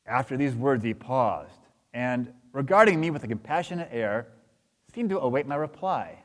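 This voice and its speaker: A man's voice: mid-range voice, lively intonation, normal speed. A man reading a dramatic account aloud during a sermon, in a solemn and dramatic manner. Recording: long hall reverb.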